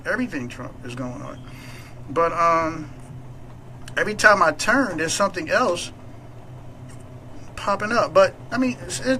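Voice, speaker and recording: A man's voice: a little high, pushed and bright, slight background noise, low-quality recording. A man hosting a talk radio show, chatting casually and playfully with many fillers and restarts.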